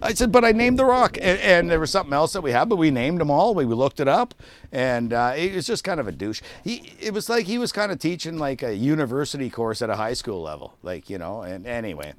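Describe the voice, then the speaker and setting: A man's voice: on the high side, a little fast, dry recording. A middle-aged Canadian man swearing constantly as he tells stories in a casual podcast chat. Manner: swears constantly, animated storytelling. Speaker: podcast co-host.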